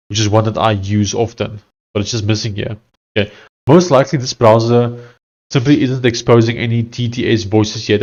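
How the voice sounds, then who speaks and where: The audio is dull and his fairly low, darkish voice carries casual live-coding commentary. He's a South African software developer streamer who thinks aloud hesitantly and keeps restarting sentences.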